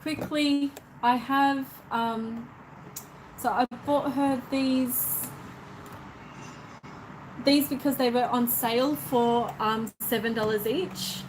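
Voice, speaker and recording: A woman's voice: high voice, steady tone, slow, pauses often, noisy background. A woman chatting casually on a live stream, rambling and repeating her words as she goes.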